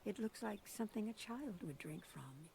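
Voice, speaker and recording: A game narrator reading descriptive lines in an even, scripted style. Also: mid-range voice, normal speed, vocal fry, background noise.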